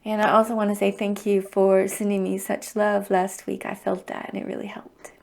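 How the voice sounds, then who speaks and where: A woman's voice: mid-range voice, monotone, moderate pace, creaky, a little mellow. A middle-aged woman hosting a livestreamed EFT tapping circle, speaking in a heartfelt, openly emotional and encouraging way. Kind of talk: livestream guided tapping talk.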